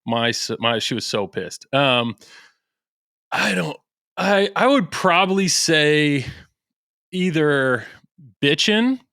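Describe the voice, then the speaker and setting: A man's voice: fairly high pitch, expressive, slow, long pauses, clean tone, dry recording, studio quality. A man with a Midwestern American accent chatting casually as a podcast guest, rambling and restarting his sentences. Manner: rambling, self-interrupting, soft-spoken. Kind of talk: casual chat.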